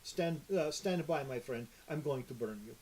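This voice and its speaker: A man voicing a male fire sorcerer who makes cruel threats in a calm, courteous way. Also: medium pitch, moderate pace, breathy edge, lightly acted, rough recording. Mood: menacing.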